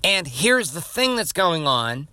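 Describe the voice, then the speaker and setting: Podcast guy ranting, swears a lot, blunt and punchy, kinda high bright voice, dry sound. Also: big pitch swings, slow pace, no echo. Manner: profane, blunt, emphatic ranting. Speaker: podcast host. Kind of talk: motivational monologue.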